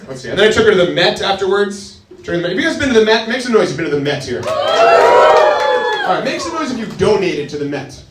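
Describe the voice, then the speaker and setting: A male stand-up comedian with a hesitant, deadpan delivery full of pauses. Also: high voice, distant mic, a crowd in the background. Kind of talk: stand-up set. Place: comedy club stage with laughing audience. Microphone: handheld stage mic. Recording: roomy club sound, audience laughter.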